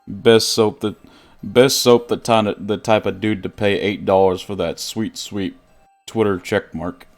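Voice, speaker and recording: Guy streaming a game, cracks jokes at his chat, lowish voice, some music under it. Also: steady tone, unhurried. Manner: jokey, laughs often, talks to chat. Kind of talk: live gameplay commentary chatting with viewers.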